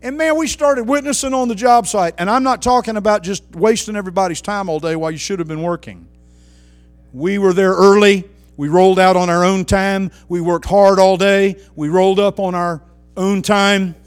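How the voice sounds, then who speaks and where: A high-voiced man preaching with fiery passion. He swings from near-shouted praise down to low, hushed asides. Faint music plays softly beneath his voice. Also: fairly even intonation, normal speed, clear, resonant tone, no room sound. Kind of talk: sermon.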